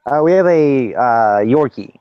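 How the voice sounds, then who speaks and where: A man with a medium-pitched, animated voice speaks at a measured pace, chatting casually as a podcast co-host and telling rambling, profane stories. The recording sounds dry, dull and lo-fi.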